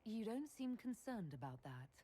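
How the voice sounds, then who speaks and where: A woman's voice: mid-range voice, sing-song, normal speed, mellow, slightly rough. A woman voicing an earnest young woman hero in video game dialogue, direct in tone. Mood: resolute.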